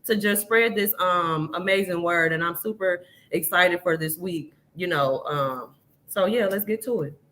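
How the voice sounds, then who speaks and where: A woman's voice: on the low side, unhurried, a bit bright. A woman guest on a live video-call podcast, speaking in a cheerful, affirming way. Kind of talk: casual podcast chat.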